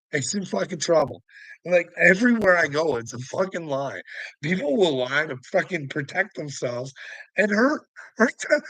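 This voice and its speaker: Bright-voiced man, swearing and ranting, laughs a lot, very dry close sound. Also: a little high, no room sound, rough recording. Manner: profane, heated, laughing between lines. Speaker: vlogger. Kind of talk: ranting monologue to camera.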